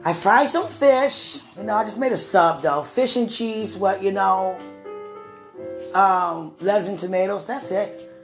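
A woman's voice: mid-range voice, unhurried, faint music behind. A woman talking to the camera in a casual devotional vlog, rambling and affectionate, often breaking into laughter. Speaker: vlogger.

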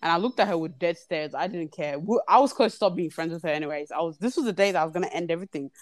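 A woman's voice: on the low side, very fast, no echo. A young woman guest chatting on a podcast, telling a story animatedly and swearing freely. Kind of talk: casual chat, storytelling.

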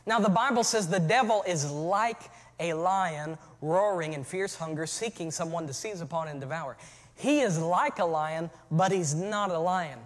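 High-voiced man preaching in an echoey hall. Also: expressive, normal speed. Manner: builds from easy storytelling to shouted preaching. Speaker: pastor. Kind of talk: sermon.

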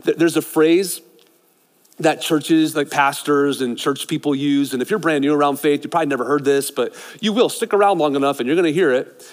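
A middle-aged man preaching a sermon as a pastor, swinging between loud excited passages and hushed, intimate ones. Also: fairly high pitch, a little fast. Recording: long hall reverb.

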